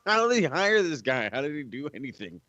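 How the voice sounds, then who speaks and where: A man's voice: a little high, sing-song, fairly quick, bright, forceful tone, dry recording. A man joking around with crude humor in a casual wrestling podcast chat. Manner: joking, profane. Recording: dull lo-fi dry line.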